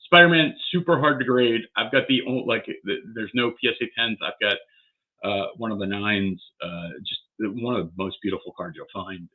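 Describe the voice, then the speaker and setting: A man's voice: fairly low pitch, moderate pace. A man vlogging as he opens graded trading cards, worked up and swearing as he talks to himself. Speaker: card collector vlogger. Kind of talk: excited unboxing vlog. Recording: tinny phone-like sound.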